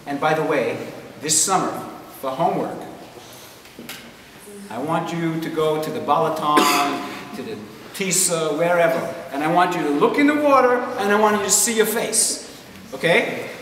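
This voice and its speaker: A man's voice: a little high, moderate pace. Teasing man in a hall. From United States. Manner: teasing, animated, jokes with the kids. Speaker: storyteller performing for schoolchildren. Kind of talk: playful storytelling with audience banter. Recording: echoey hall, distant mic, noisy.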